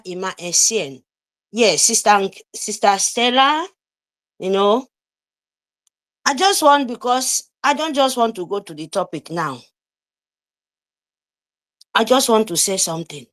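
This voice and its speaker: A woman's voice: mid-range voice, fairly bright tone. A woman gives an impassioned political speech, scolding listeners with repeated pointed questions. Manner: heated, scolding, repetitive questions. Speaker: participant in an online audio room.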